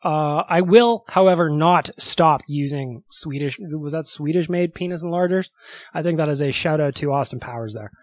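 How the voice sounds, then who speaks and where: A man's voice: on the high side, moderate pace, no echo, studio quality. A man hosting a solo podcast, chatty and upbeat, laughing often. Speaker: podcast host. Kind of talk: casual solo podcast talk.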